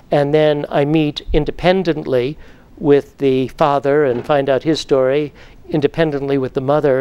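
A middle-aged man gives a psychotherapy lecture, telling patient cases step by step. His voice sits a bit high for a man, and he now and then acts out stern dialogue with a raised voice. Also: darkish tone, clean tone. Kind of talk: lecture with case stories.

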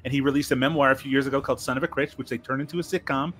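A man's voice: medium pitch, fairly even intonation, rapid-fire, fairly bright tone. A man from Newfoundland, Canada, guesting on a podcast, chatting about a film with wry, dry jokes. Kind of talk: casual film review chat.

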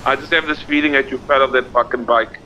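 A man's voice: mid-range voice, steady tone, fast, pushed and bright, a little hiss or hum, rough recording. A man chatting casually and swearing in character during a game roleplay. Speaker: roleplay player.

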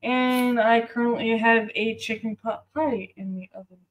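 A woman's voice: fairly high pitch, steady tone, moderate pace, low-quality recording. A woman with a Boston accent hosting a casual live cooking stream, swearing and laughing through banter. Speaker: stream host.

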